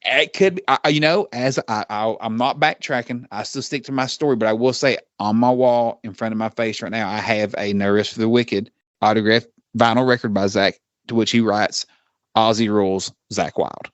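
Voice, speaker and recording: A man's voice: mid-range voice, steady tone, fairly quick, no echo, lo-fi sound. A man co-hosting a podcast in casual chat, swearing freely and telling stories with animation. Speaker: podcast co-host.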